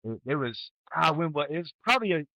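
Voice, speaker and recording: A man in his forties, a retired Army sergeant, talks bluntly and profanely as he tells stories from his service. His voice sits a little high and sounds sharp and bright. The recording is close and dry, with no room sound. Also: fast, no echo, rough recording. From United States. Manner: blunt, profane, storytelling with animated quoted outbursts. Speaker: guest, retired Army sergeant first class. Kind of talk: candid casual interview.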